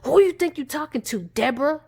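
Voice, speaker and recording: Woman doing an unhinged obsessive man. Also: high voice. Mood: menacing. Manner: raised, pushy, fast.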